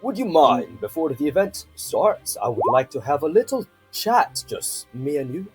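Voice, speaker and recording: A gruff bear-folk knight from a tabletop game, voiced by a man, huge and imposing. He speaks slowly and formally, each sentence measured, in a slightly husky voice with faint music behind. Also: a little high, sing-song, full character voice. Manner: slow, measured, formal speech.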